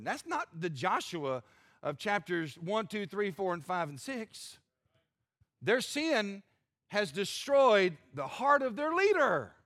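A male pastor preaching a sermon, animated and breaking into humorous asides. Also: high voice, slow, no echo, studio quality.

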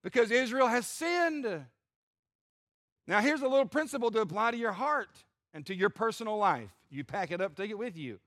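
A male pastor preaching a sermon, animated and breaking into humorous asides. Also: sits high, normal speed, no room sound, studio quality.

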